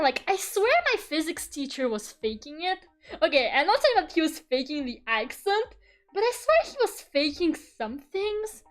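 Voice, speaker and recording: A young woman streaming her art, chatting casually and rambling, laughing often and swearing freely. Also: high voice. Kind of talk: casual chat while drawing.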